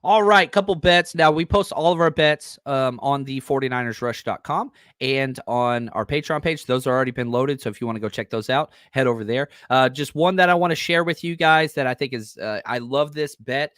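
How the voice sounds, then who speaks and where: A man with a middle-pitched voice hosts a casual sports podcast, excitable and loose, full of ums and uhs. He is recorded close and dry, with no room sound. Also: a little fast, few pauses, no echo. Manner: enthusiastic, excitable, loose with fillers. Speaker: podcast host.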